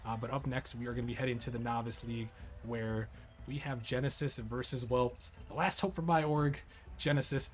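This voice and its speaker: A man's voice: mid-range voice, a little hiss or hum. A man casting an esports stream in an upbeat, casual commentary style, hyping the next match. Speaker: esports caster.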